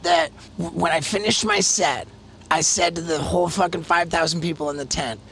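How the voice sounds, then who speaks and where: A man hosting a podcast, telling a rowdy, profane story, excitable and laughing as he talks. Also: on the high side, moderate pace, a little hiss or hum. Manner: excitable, profane, laughs through his stories. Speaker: podcast host.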